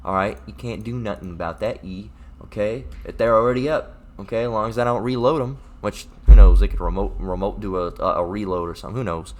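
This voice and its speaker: A man giving a casual livestream Bible lesson. He rambles, repeats words and keeps adding "all right?", and he reads scripture aloud slowly and deliberately. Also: on the low side, steady tone, a little mellow. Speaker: online scripture teacher.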